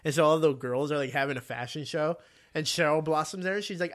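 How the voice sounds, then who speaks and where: A man with a fairly high voice tells a story in casual chat. He is animated, swears freely, and jumps into the characters' lines. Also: fast.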